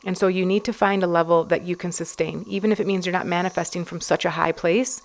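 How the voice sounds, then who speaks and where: Woman podcast host, low gravelly voice, chatty rambling solo delivery. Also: fairly even intonation, fast, few pauses. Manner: rambling, chatty, many fillers and restarts. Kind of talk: casual solo podcast talk.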